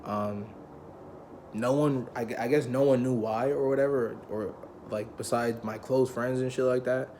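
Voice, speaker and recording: A man's voice: medium pitch, normal speed, a little hiss or hum. Slangy, profane young man telling a story. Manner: heavy profanity, slangy, loose and conversational; animated, acts out quoted people. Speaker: vlogger telling a personal story. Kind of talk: casual storytelling.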